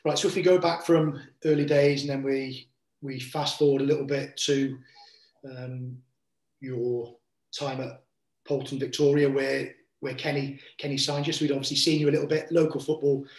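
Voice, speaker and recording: A man's voice: mid-range voice, little pitch movement, normal speed. A man hosting a casual interview, prompting his guest in a friendly way with lots of fillers. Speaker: podcast host, former teammate. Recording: roomy echo.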